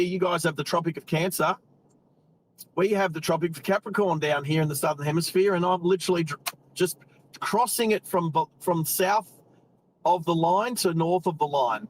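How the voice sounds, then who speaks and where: A man's voice: high-pitched, rough recording. An Australian man hosting a live driving stream, chatting casually and rambling while he drives and greets viewers by name.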